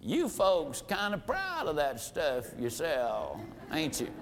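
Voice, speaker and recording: A man's voice: on the high side, huge pitch swings, slow, pitched below the performer's own voice, exaggerated voice. A man voicing a folksy old country philosopher with a wry, drawling manner.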